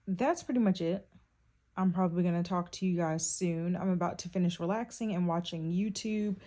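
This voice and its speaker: A young woman, chatting casually to her viewers in a vlog. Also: medium pitch. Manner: chatty, warm address to viewers with lots of y'all. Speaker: vlogger. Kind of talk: casual vlog chat to camera.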